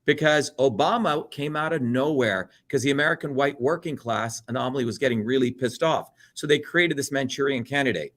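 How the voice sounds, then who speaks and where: A man's voice: medium pitch, brisk, hardly any pauses, a bit bright. A middle-aged man from India, talking bluntly and animatedly as an interview guest, swearing freely and mimicking other people. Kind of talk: heated political talk.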